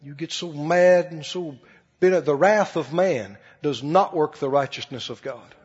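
A man's voice: a little high, unhurried, a little mellow, husky. A man preaching a sermon in a folksy, emphatic way, often putting questions to the audience. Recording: dull echoey hall broadcast.

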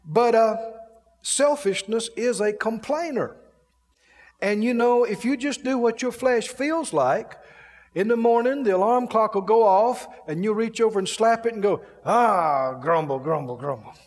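High-voiced preacher in a reverberant hall. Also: male voice, a little slow, a little mellow. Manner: folksy, acts out grumbling complaints with laughter. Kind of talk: sermon.

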